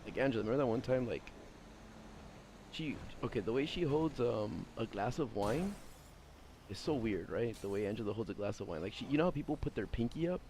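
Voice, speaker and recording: A loud, opinionated young man chatting casually while he streams a game. He rambles, restarts and leans on filler words. His pitch sits in an ordinary middle range. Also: expressive, brisk, a little hiss or hum. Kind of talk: casual chat while gaming.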